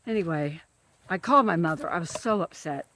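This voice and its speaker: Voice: medium pitch, lively intonation, a little fast, sharp tone. A government field worker ranting in a monologue, emphatic and repetitive, who keeps stressing the same words.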